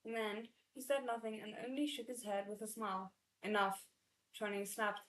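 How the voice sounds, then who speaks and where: A woman reading a novel aloud in a readalong, excitable and stopping to react with chatty asides. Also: a little high, brisk, echoey room, slight background noise, low-quality recording. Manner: excitable, breaks off to react and comment.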